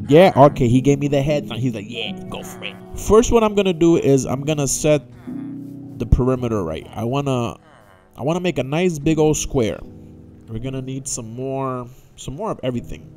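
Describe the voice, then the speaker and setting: A man's voice: mid-range voice, expressive, moderate pace, dark tone, soft background music. A young man giving casual, jokey gameplay commentary, talking to himself and to the characters in the game. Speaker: gaming YouTuber.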